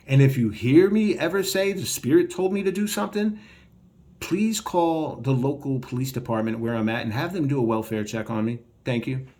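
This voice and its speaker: A man's voice: mid-range voice, darkish tone. Profane, combative man ranting to viewers. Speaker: online commentator. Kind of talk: heated response video rant.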